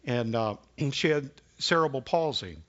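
Halting, earnest preacher man with a cough. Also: medium pitch, animated, fairly bright tone. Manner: halting and earnest, with many restarts. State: coughing now and then. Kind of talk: sermon with personal stories. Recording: dull lo-fi recording.

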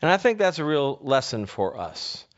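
A man's voice: on the high side, big pitch swings, normal speed. Preacher man in a muffled recording. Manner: storytelling, rhetorical questions, frequent restarts. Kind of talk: conversational sermon. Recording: dull lo-fi recording.

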